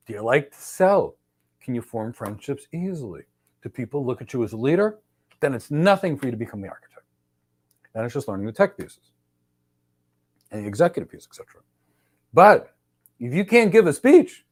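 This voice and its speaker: A man hosting a live career Q&A session and explaining things animatedly through role-play examples. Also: medium pitch. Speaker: career coach host.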